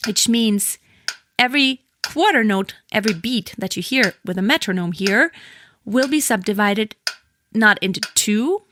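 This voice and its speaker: A singing teacher with a medium-pitched, lively voice gives an unhurried lesson on rhythm, with background noise and metronome clicks behind her. Between explanations she counts beats and sings syllables along with the metronome.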